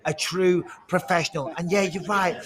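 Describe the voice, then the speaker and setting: A man's voice: high voice, steady tone, moderate pace. A British man working as a fight analyst, trading mock-pompous teasing banter with his co-hosts over a video call. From Britain. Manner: boastful mock-pompous ribbing. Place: remote studio at home.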